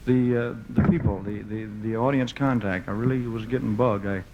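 A man from the American South talks to a live concert crowd in loose, self-mocking stage banter. His voice sits at a middle pitch, and he stumbles through fillers and restarts as he spins his stories. A faint layer of noise runs under the recording. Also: steady tone, normal speed, dull audio. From Memphis, southern United States. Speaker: singer performing live on stage. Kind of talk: joking stage banter between songs.

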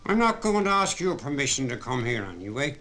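A man's voice: medium pitch, big pitch swings, fairly quick, fairly bright tone, a little hiss or hum. A man reading an audiobook, voicing an eager young boy who sings a mocking ballad. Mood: defiant. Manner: eager, sing-song.

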